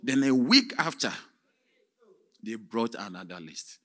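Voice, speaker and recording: A man preaching as a theatrical storyteller, with sudden shouts and sound effects. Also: medium pitch, very animated, a little slow. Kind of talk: dramatic sermon storytelling.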